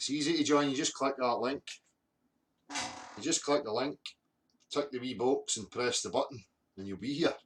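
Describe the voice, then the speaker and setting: A man's voice: mid-range voice, normal speed, pauses often, fairly bright tone, slight background noise. A Scottish man hosting a live stream, ranting bluntly with heavy swearing and greeting viewers from the chat. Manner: angry, heavily sweary, blunt. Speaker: livestream host.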